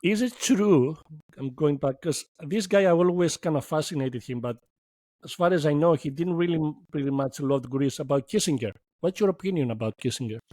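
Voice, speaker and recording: A man hosting an interview, asking questions hesitantly with soft murmurs of agreement. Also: on the high side, fairly quick, dry recording. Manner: hesitant, lots of fillers and soft listening murmurs. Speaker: podcast host.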